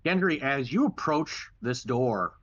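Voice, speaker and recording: A man running a tabletop game as dungeon master, speaking at an everyday pitch. He narrates in a relaxed, halting way, often restarting a phrase. The sound is dull and lo-fi.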